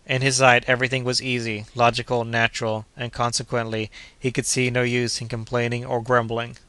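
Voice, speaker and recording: A man reading a classic adventure novel aloud as an audiobook narrator, in a measured, even manner. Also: medium pitch, clear, resonant tone, no echo. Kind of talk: scripted narration.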